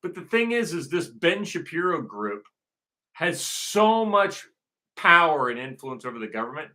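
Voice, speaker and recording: A man's voice: on the high side, very animated, unhurried, pushed and bright. A man hosting his own show, delivering a repetitive, emphatic ranting monologue with frequent profanity. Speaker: show host.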